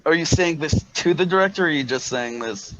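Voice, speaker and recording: A man running a tabletop game as game master, narrating with halting fillers. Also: fairly high pitch, lively intonation, fairly bright tone, highs cut off. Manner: halting, many fillers and restarts.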